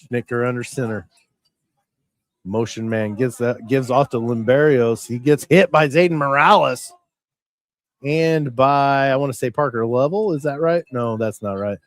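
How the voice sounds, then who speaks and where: A man giving folksy, rambling play-by-play commentary on a high school football game, often correcting himself. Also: measured pace, dry recording. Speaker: play-by-play announcer.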